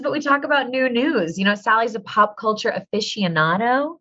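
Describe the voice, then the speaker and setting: A woman in her thirties hosts a podcast, chatting casually in a bubbly, playful, self-mocking way. Her voice is a little high with a sharp tone, and the recording has a dull lo-fi sound.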